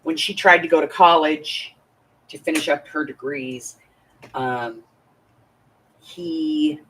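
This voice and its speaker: Unhurried, breathy-voiced woman in her fifties hosting a crafting stream, chatty and confiding, a bit off-mic. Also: sits low, a bit bright, recorded from a distance, slight background noise, poor audio. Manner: chatty and confiding, greets viewers by name. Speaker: crafting live-stream host. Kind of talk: casual chat while crafting.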